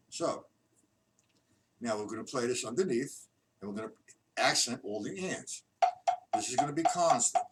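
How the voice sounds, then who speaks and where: A man's voice: mid-range voice, expressive, moderate pace, long pauses. A man teaching drums in a live stream, counting beats aloud in a loose, chatty way. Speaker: drum instructor. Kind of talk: live-streamed drum lesson. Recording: distant mic, loud background noise.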